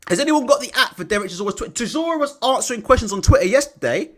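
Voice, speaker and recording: A man's voice: very high-pitched, lively intonation, very fast. Sweary, laughing man on a live stream. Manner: blunt, sweary and laughing, reading chat aloud. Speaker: livestream host. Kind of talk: casual live-stream commentary.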